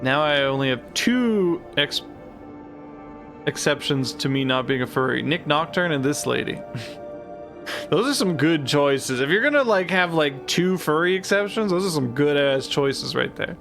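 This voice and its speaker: A man's voice: a little high, animated, measured pace, soft background music. A young man streaming a game, joking around, swearing and laughing often. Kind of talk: casual game stream commentary.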